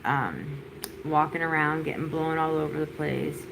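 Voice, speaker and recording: A woman's voice: low-pitched, fairly even intonation, a little slow, gravelly, noisy background. A woman vlogger chatting casually on a livestream from her home during a storm, doting on her dog.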